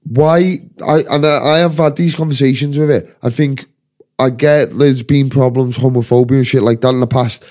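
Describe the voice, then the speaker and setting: Scouse podcast host, swears a lot, rambling rants, dark mellow voice. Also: male voice, medium pitch, fairly even intonation, normal speed. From Liverpool, England. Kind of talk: casual chat.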